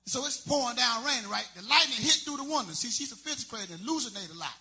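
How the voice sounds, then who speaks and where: A man's voice: very high voice, expressive, fast talker, bright, forceful tone, faint music behind. A man doing a stand-up comedy set, telling loose, rambling stories full of street slang.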